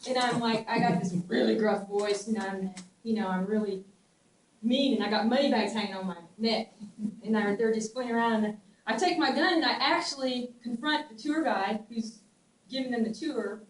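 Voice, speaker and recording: Animated storytelling woman with a twang. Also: on the high side, normal speed. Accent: Southern US twang. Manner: animated, laughs often, trails off and restarts. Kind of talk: casual storytelling. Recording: echoey room, distant mic, faint ambient noise.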